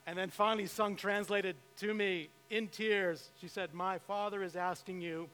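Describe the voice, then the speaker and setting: High bright-voiced pastor preaching. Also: male voice, fairly even intonation, normal speed. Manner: storytelling with emphatic rises. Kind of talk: sermon. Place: church sanctuary. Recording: reverberant hall with faint mains hum.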